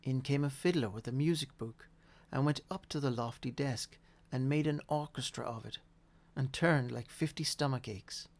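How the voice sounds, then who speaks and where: A man reading a classic story aloud in a measured, expressive way. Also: mid-range voice, creaky. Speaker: audiobook reader. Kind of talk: storybook narration.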